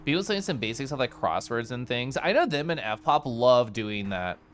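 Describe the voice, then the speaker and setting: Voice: mid-range voice, animated, moderate pace, slight background noise. A game streamer chatting casually on a live stream, reacting to chat with a giggly, chatty manner.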